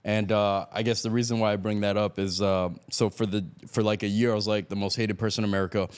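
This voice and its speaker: His tone is clean, his voice on the low side, and his delivery fast as this Miami man tells a story on an interview podcast. He laughs often and animatedly acts out the quotes.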